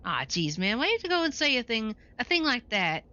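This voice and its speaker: A woman voicing a folksy, wistful old male cowboy who talks in a slow Western drawl. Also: a little high, sing-song, bright, forceful tone, highs cut off, voice pushed up. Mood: dismayed.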